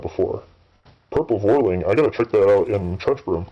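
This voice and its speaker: A low-pitched man in his thirties rambles through unscripted commentary while gaming, swearing often and stumbling over fillers and restarts. The recording is dull and lo-fi, lacking any crisp top end. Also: lively intonation, normal speed. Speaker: gaming channel host. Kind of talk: rambling off-the-cuff commentary while playing a game.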